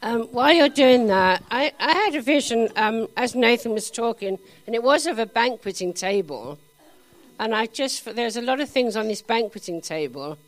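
A woman at a church meeting sharing a vision in a gentle, halting way with small fillers. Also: fairly high pitch, expressive. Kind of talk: charismatic church talk.

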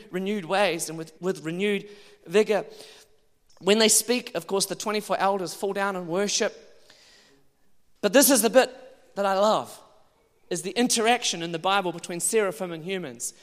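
High-voiced man preaching in a reverberant hall. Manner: animated, bursts into loud exclamations. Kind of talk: sermon.

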